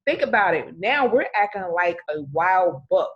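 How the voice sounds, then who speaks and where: A woman co-hosting a casual podcast chat, talking in an animated way and acting out scenarios as she speaks. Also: lowish voice, normal speed, muffled recording. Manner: animated, acts out scenarios in speech. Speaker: podcast co-host.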